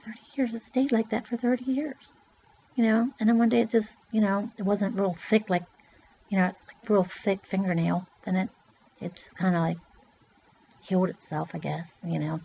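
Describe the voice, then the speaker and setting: A woman's voice: mid-range voice, fairly even intonation, moderate pace, creaky, warm tone, slight background noise. A middle-aged woman from Pennsylvania rambling through a personal story in a loose, chatty way, swearing now and then. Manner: chatty, loose, swears, acts out voices in quotes. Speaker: vlogger. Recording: dull lo-fi recording.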